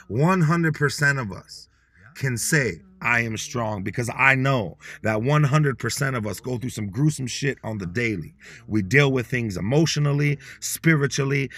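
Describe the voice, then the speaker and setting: Pushed and bright, this man's medium-pitched voice carries a podcast lesson on Dakota words. His tone is casual and motivational, blunt and full of slang, and he slows down to repeat words so listeners can say them with him.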